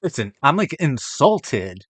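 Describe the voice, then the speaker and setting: A young man reacting to a movie ranking, swearing often and swinging between loud exasperated outbursts and low muttering. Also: sing-song, slow, breathy edge, no room sound. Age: young adult. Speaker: film reaction vlogger. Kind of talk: ranting reaction to a movie list.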